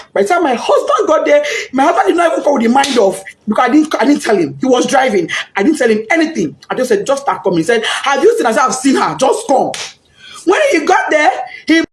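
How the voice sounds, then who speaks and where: A middle-aged woman with a Nigerian accent, a grieving mother giving an impassioned, pleading interview and repeating herself. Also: a little high. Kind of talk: emotional interview testimony.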